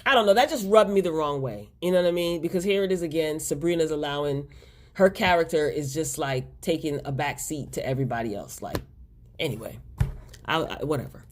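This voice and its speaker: A woman with a slightly low voice gives a casual spoken review of a TV episode. She is chatty and openly exasperated, and she talks directly to her viewers. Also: brisk. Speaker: TV episode recap host.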